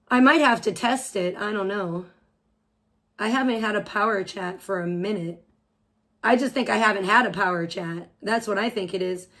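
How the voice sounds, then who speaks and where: A woman's voice: medium pitch, a bit bright. A woman live streamer ranting crudely, hurling insults and rambling on. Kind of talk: profane livestream rant.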